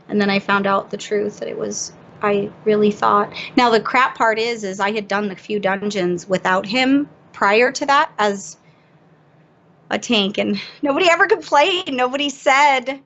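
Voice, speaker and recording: A woman chats on a podcast and tells a story against herself, lively and laughing at her own blunders. The audio is dull and lo-fi, as if through a cheap mic. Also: on the high side, moderate pace. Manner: animated, self-mocking, laughs through the story. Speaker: podcast guest. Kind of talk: casual storytelling chat.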